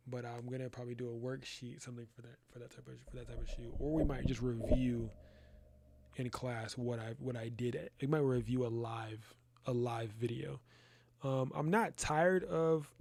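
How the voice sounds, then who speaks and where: Gravelly, laid-back young man hosting a class. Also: medium pitch, darkish tone, no echo. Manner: loose, rambling, slangy, says "bro" a lot. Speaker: photography class host. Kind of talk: casual live-stream chat. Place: his photo studio.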